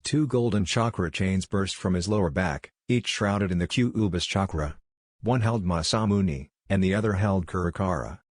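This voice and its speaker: Deep-voiced man reading a story. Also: moderate pace, no room sound, studio quality. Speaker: story narrator. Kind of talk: fan fiction reading.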